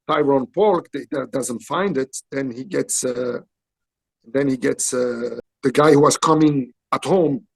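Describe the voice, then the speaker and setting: A man in his sixties from Belgium, speaking English with a French accent, animatedly telling a story in halting English and acting out what people said. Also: medium pitch, gravelly, slightly rough. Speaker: interview guest, actor. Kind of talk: storytelling interview.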